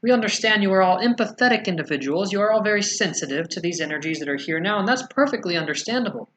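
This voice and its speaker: A man's voice: high-pitched, expressive, fairly bright tone, slight background noise. Soothing man channeling a spiritual message. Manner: slow, soothing, rhetorical questions ending in "yes?".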